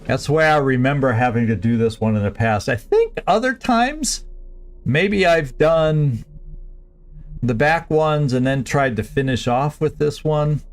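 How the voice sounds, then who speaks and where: A man streaming a strategy game, planning his moves aloud in a halting, casual way with frequent restarts. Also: mid-range voice, lively intonation. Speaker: gameplay streamer. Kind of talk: casual let's-play commentary.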